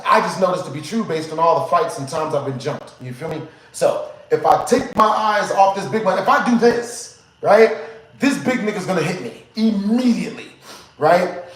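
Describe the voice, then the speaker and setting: A young man streaming live, telling a story to his chat in a casual, profane, animated way, repeating "you know what I'm saying" again and again. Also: high-pitched, roomy sound, rough recording.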